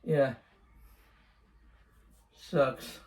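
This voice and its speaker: A young man chatting casually in a vlog, rambling, correcting himself and laughing often. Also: extremely slow. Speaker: vlogger.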